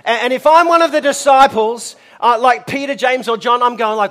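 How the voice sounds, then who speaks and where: A man's voice: very high-pitched, brisk, few pauses. A man preaching a sermon, telling stories animatedly and acting out voices. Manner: animated storytelling, acts out voices and shouts. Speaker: pastor.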